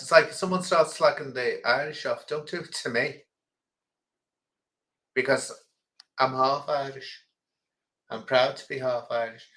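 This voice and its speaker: A man's voice: mid-range voice, fairly bright tone, low-quality recording. Man, middle-aged, from England, casual host chat, rambling, opinionated, hesitant fillers. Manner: rambling, opinionated storytelling with frequent ums.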